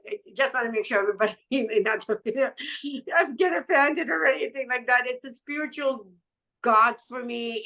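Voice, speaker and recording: Middle-aged woman, kinda high voice, rambles emotionally, lots of restarts. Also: bright, forceful tone, low-quality recording. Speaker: patch seller sharing her testimonial. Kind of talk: casual conversational testimony.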